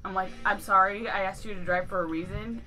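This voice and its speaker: A woman's voice: mid-range voice, fairly quick, soft background music, rough recording. A woman in her thirties telling a story in casual chat, swearing freely and acting out quoted lines. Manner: animated, swearing, acts out quotes.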